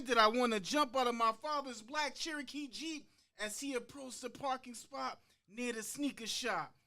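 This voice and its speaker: As a podcast guest performing a monologue, a man tells a story in slow, dramatic spoken word, using a rhythmic delivery with long pauses on key words and acting out the quoted voices. His voice sits high with a sharp tone.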